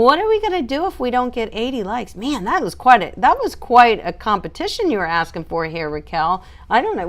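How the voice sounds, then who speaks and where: A woman dog groomer hosting a casual live stream, chatting and reading out viewer comments in an animated, laughing way. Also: medium pitch, gravelly.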